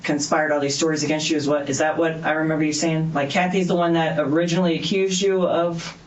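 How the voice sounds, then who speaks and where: A man's voice: a little high, little pitch movement, quick pace, muffled recording. Probing male detective in an echoey room. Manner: probing, pressing, hesitant fillers. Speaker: police detective. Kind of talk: interrogation questioning.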